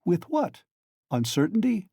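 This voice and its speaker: A man's voice: high-pitched, wildly swooping pitch, measured pace, mellow, no room sound, studio quality, pitched above the performer's own voice, full character voice. A man doing a sly, mocking examining lawyer. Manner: sly, mocking and good-humored, chuckling. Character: sly, ironic middle-aged male examining lawyer.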